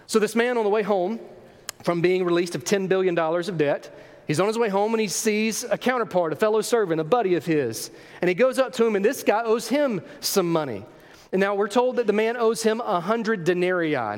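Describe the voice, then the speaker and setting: A man preaching to his congregation with a high, bright-edged voice. He tells the story with animated emphasis and asks his listeners rhetorical questions. His voice rings with a long reverb, as in a large sanctuary. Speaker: pastor. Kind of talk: sermon.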